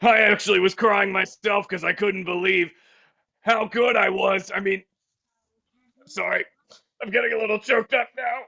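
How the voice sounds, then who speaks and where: A man voicing a gruff teen anime hero who talks sweetly, gushing and sentimental. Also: sits high, fairly even intonation, moderate pace, sharp tone, lo-fi sound, heavily acted. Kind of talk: improv comedy voice.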